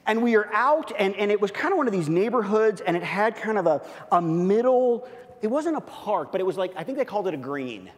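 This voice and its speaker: A male pastor preaching, telling a story with lots of restarts and animated asides. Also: high-pitched, a little fast. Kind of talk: sermon with storytelling. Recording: long hall reverb.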